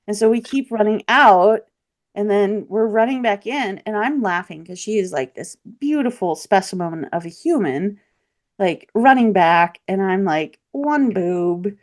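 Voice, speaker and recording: A woman guest on a podcast interview, telling a personal story in a lively, candid way. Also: medium pitch. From Michiana region, US Midwest. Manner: lively, animated storytelling with laughs and voiced quotes. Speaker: podcast guest, local practitioner.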